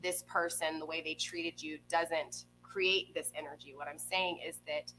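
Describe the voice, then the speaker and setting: Tarot reader, woman, chatty with viewers, low-set voice with a bright edge. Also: steady tone, unhurried, slight background noise, rough recording. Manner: chatty, keeps checking in with "okay?" and "right?". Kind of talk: live tarot reading to viewers. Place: home room with a pet nearby. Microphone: desk microphone.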